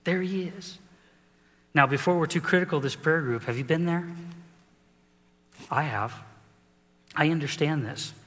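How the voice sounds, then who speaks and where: Middle-aged male pastor, animated preaching. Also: on the high side, moderate pace, pauses often, in a large hall. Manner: animated storytelling, acting out characters in the story. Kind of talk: sermon.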